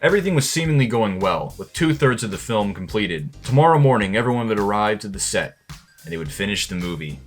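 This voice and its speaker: A man narrating a behind-the-scenes film in a deadpan, mock-ominous documentary style. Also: fairly low pitch, fast talker, over music.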